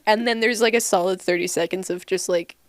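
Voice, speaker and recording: A woman's voice: mid-range voice, steady tone, fairly quick, no room sound, clean studio sound. A woman co-hosting a podcast in a casual movie review chat, laughing often as she pokes fun at a film. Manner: laughs often, mocking and playful. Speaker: podcast co-host.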